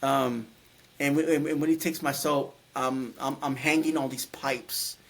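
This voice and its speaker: A man's voice: medium pitch, steady tone, unhurried, gravelly, a bit bright. A middle-aged man telling a personal story in a casual, rambling way, full of restarts and fillers. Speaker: guest telling his near-death story.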